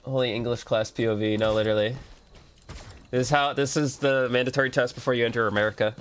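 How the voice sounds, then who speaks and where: A man's voice: medium pitch, fairly even intonation, quick pace, a little hiss or hum. Laid-back man streaming a game. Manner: laid-back, swears, reads game prompts aloud. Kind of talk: casual gameplay commentary.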